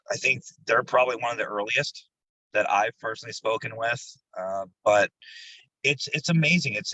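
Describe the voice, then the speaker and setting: A man who investigates the paranormal, a guest on an interview show, telling his stories in a casual, animated way. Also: mid-range voice, dry recording, rough recording. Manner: animated, jumps into quoted voices, laughs while telling stories.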